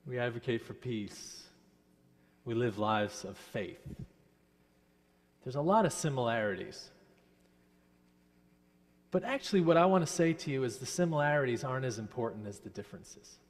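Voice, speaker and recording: A minister from New Jersey telling a children's story in a worship service, asking the children questions in a gentle teacherly way. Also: male voice, medium pitch, animated, normal speed. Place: church sanctuary. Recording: long church hall reverb.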